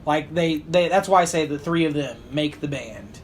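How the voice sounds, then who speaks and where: A man's voice: fairly high pitch, normal speed, a little hiss or hum. Rambling, hesitant male podcast co-host. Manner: rambling, hesitant, with many fillers. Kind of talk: casual podcast chat.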